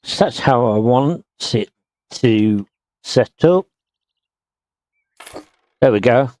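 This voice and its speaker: A man streaming a house-renovation game, muttering slowly to himself as he places items. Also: medium pitch, lively intonation, a little mellow, no echo. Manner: slow, muttering to himself while working. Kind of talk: casual gameplay commentary.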